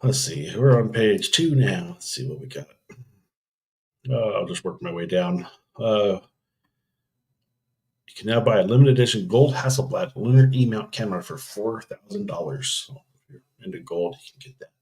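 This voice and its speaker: A man's voice: fairly low pitch, moderate pace, a little mellow. A man hosting a casual live stream, rambling through camera news and thinking aloud with frequent ums and restarts.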